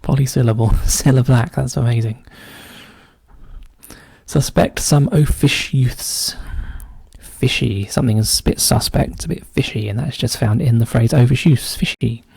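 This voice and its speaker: A man with a dark, gravelly voice talks himself through a crossword. He often trails into a quiet mutter. The sound is dry and close, with no room echo. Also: mid-range voice, unhurried. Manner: muses aloud, often drops to a quiet mutter. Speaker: crossword solver. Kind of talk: casual solo puzzle-solving commentary.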